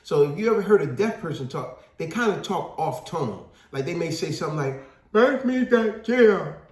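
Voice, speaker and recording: In a casual talk-show discussion, a man with a fairly high, lively voice tells stories briskly and with energy, acting out the people he quotes. The recording sounds echoey, like a bare room.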